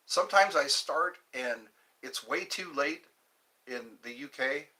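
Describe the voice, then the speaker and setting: A man's voice: on the high side, measured pace, pushed and bright. A middle-aged man from Georgia hosting a casual livestream, reminiscing in a rambling way and answering viewers in the chat. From Georgia, US Deep South. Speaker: livestream host.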